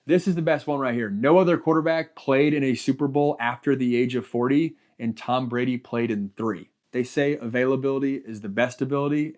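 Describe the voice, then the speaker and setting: A young man hosting a sports show, talking through football careers in an energetic, conversational way. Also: mid-range voice. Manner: energetic, conversational, trails off at ends of points. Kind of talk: solo sports commentary.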